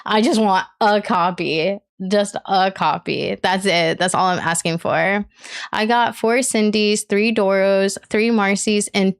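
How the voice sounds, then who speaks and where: A woman streamer chatting casually on a live stream, excitable and quick to gasp and laugh. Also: medium pitch, clean tone.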